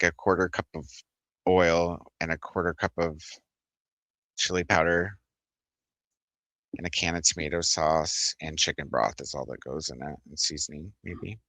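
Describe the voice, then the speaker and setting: A man's voice: sits low, pushed and bright, dry recording. A man hosting a book club livestream, chatting casually, rambling, laughing often and reading out viewer comments.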